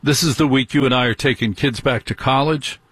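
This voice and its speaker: A middle-aged male radio host holds forth in an indignant talk radio monologue. His voice is husky, sitting at an ordinary pitch, and the sound is dry and close with no room around it. He keeps firing rhetorical questions at his listeners. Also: brisk, fairly bright tone, no echo.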